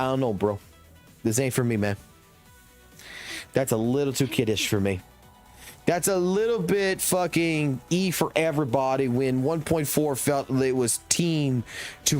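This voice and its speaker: Male game streamer, fairly high voice, cussing rant, faint music underneath. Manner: blunt, heavy swearing, slangy. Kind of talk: casual ranting commentary.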